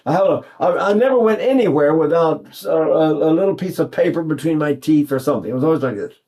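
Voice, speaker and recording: Fast and expressive, this man's slightly high voice has a warm tone. An older man from East Texas, he teaches singing by demonstrating in song, rambling folksily and restarting often.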